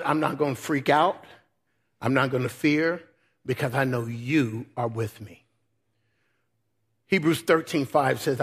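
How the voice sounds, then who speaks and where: A man preaching a sermon as pastor, swinging between loud, high exhortation and soft, low intimate passages.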